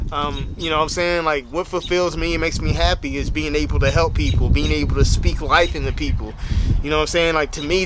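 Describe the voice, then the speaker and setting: A man's voice: fairly high pitch, background noise. A man, a bodybuilder, telling a story in a casual, slang-heavy way that is full of "you know what I'm saying.". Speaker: bodybuilder and motivational speaker.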